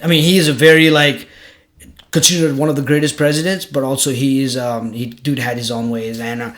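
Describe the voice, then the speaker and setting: A man telling a history story in casual chat, animated, swearing freely and acting out the quotes. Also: medium pitch, fairly quick. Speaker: podcast host telling a story.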